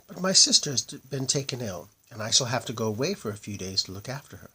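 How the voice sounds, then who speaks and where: A man voicing a kindly, brisk witch who teaches a princess, in a raised, quick voice. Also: medium pitch, sing-song, pushed and bright, slightly rough, exaggerated voice.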